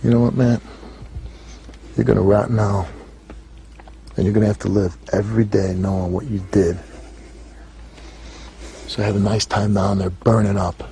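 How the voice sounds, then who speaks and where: A man's voice: fairly low pitch, little pitch movement, normal speed, creaky, pauses often, warm tone, a little hiss or hum. A man hosting a talk show, lecturing a guest in a harsh, accusing way and repeating words for emphasis.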